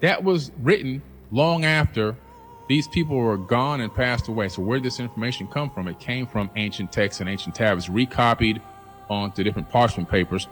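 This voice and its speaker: A man's voice: normal speed, fairly bright tone, faint music behind. A man delivering an emphatic, challenging monologue, acting out quoted voices now and then. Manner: emphatic, acts out quoted voices in a higher pitch. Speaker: host. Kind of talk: passionate monologue.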